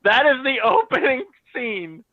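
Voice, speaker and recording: A man telling a story with lots of animated acted-out dialogue, on a video call. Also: very high voice, a little slow, no echo. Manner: excited, acts out quoted dialogue. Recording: dry tinny phone-like audio.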